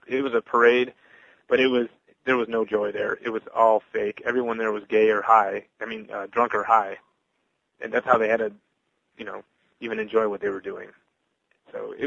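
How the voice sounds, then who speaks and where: A man's voice: mid-range voice, gravelly, a bit bright, no room sound, dull audio. A man on a podcast giving an earnest personal testimony, stumbling and restarting his words with many fillers. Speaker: podcast guest sharing testimony.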